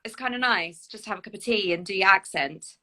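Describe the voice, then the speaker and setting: A woman's voice: medium pitch, brisk, pushed and bright. A young adult woman chatting enthusiastically on a live video stream as an actress and co-host. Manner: chatty, enthusiastic, laughs often. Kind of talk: casual live-stream chat. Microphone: phone on a live video stream.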